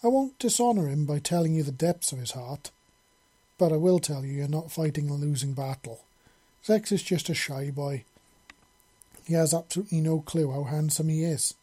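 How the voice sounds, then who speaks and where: A man voicing an alien hive queen, a wise mother who speaks calmly and reassuringly. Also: fairly high pitch, normal speed, slightly rough.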